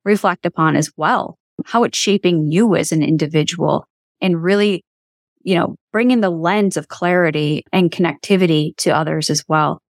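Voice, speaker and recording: A woman's voice: lowish voice, moderate pace, dry recording, studio quality. A woman hosting a podcast interview, who talks in an earnest, reflective way and brings her faith into the conversation. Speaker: podcast host.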